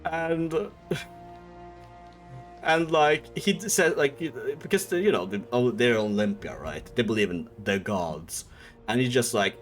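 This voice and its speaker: Young male streamer, rambling and animated, faint music under him. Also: medium pitch, a little slow. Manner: rambling, heavy on filler words and swearing. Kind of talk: comedic casual retelling.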